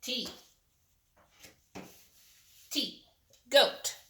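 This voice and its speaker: A woman's voice: very slow, pushed and bright, reverberant, slight background noise. A woman teaching a young child to spell simple words, patient and encouraging, sounding out letters one by one.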